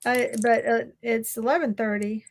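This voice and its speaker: A woman's voice: on the high side, fairly even intonation, normal speed. A woman with a North Louisiana accent, hosting a casual live chat and easily amused. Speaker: livestream host.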